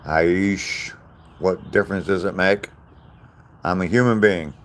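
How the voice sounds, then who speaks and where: This older Southern man has a deep voice and takes his time. On a casual live stream, he talks plainly with viewers and responds directly to what they write in the comments.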